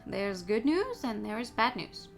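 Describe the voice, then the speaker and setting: A woman's voice: fairly high pitch, big pitch swings, creaky, heavily acted. A woman reading a polite fox informant. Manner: formal, measured. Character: polite male fox informant, formal and apologetic.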